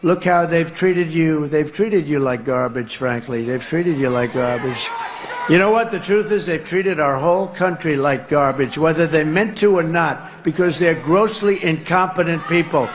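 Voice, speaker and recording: A man delivers a rally speech in a fairly high voice, rambling and repeating himself as he mocks opponents. The clip is noisy, with rally ambience all around him. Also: normal speed. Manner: rambling, repetitive, mocking. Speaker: politician speaking at a rally. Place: outdoor rally stage.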